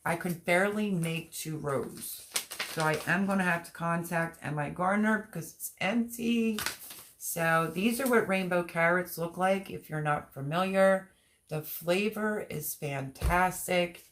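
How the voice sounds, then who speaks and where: With a somewhat bright but low voice and slight background noise, a woman hosts a gardening live stream. She talks loosely and meanders, displaying seed packets while reading viewers' comments aloud and replying.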